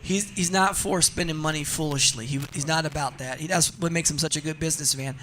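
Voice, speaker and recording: A man's voice: fairly high pitch, brisk, slight background noise. A man guest on a radio talk show, chatting casually and animatedly, laughing often and telling stories. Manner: animated storyteller, laughs often, says "you know what I mean". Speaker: racing guest. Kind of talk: casual radio interview chat.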